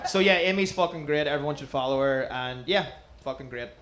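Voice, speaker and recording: Man giving casual feedback, fairly high voice. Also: fairly quick. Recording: noisy comedy club.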